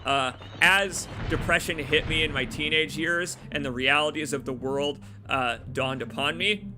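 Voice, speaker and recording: A young man streaming a game, rambling and joking with his chat, his voice a little hoarse from long talking. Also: fairly high pitch, unhurried, background noise. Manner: rambling, joking, self-deprecating asides to chat. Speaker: let's play streamer. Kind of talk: casual gameplay commentary.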